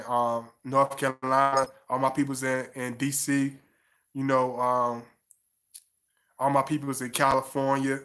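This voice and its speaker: A man hosts a livestream, chatting loosely and affectionately with his viewers and using plenty of slang and filler words. His voice is medium in pitch with a fairly bright tone.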